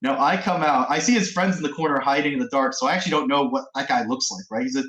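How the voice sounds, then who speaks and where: A man in casual gaming chat, telling a story with lively acted-out quotes. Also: mid-range voice, fast talker. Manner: animated storyteller, acts out quotes. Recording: echoey room.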